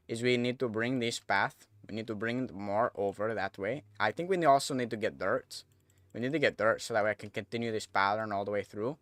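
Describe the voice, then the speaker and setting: A man's voice: lowish voice, pushed and bright. A man streaming a game, chatting casually to viewers as he thinks aloud and corrects himself. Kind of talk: casual gameplay commentary.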